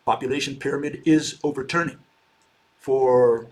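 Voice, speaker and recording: A man's voice: mid-range voice, steady tone, moderate pace. A man giving an informal slide lecture, loose and conversational, with frequent fillers and "okay".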